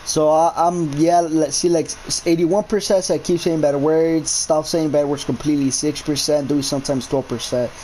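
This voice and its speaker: A man's voice: fairly high pitch, steady tone, normal speed, few pauses, warm tone, slight background noise, low-quality recording. A young man commentating a horror game for his channel, talking in casual slang, cursing constantly and shrieking when scared. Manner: casual slang, addresses viewers as bro and guys. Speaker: gaming YouTuber.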